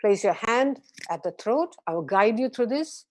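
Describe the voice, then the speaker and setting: A woman from Malaysia guiding a group through a gentle voice and breathing exercise, patient and encouraging. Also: a little high, expressive, normal speed. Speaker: voice and meditation instructor. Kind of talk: guided voice exercise class.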